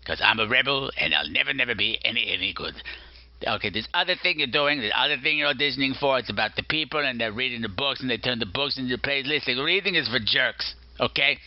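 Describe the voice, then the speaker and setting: Brief: a bratty male gargoyle, put on by a man, boastful and insulting, middle pitch, dull dry recording. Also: expressive, fast, no echo, natural voice. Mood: mocking. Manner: mocking, insulting, rambling and self-important. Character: rude, boastful male gargoyle, mischievous rebel.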